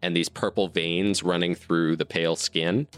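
A man with a fairly low voice runs a tabletop game, spinning the scene out in a loose, descriptive flow. Music plays clearly under his voice. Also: fairly even intonation, moderate pace, a bit bright. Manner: descriptive, loose storytelling with fillers. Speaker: game master.

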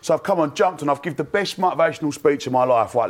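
A man's voice: medium pitch, fast talker, few pauses. A man, telling a long anecdote breathlessly and laughing as he goes on a fan panel. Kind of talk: animated storytelling.

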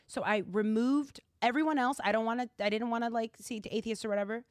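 Giggly young woman, fairly high voice. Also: steady tone, fast talker, no room sound, clean studio sound. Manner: chatty and giggly, full of "like". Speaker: podcast host. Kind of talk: casual chat.

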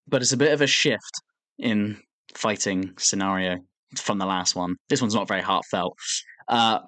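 A man's voice: on the low side, normal speed, no echo. Young man telling a story. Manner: animated storytelling, swears a lot, acts out quotes. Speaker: podcast co-host. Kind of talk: casual chat.

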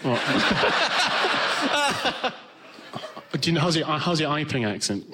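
A man guesting on a live comedy podcast, playfully puzzled and musing out loud with questions. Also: on the high side, huge pitch swings, slow, very noisy.

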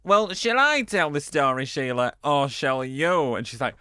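A man co-hosting a casual chat, telling a story with lively acted-out voices. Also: a little high, measured pace, smooth, dry recording, clean studio sound. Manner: animated storytelling, acts out voices of others. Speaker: co-host.

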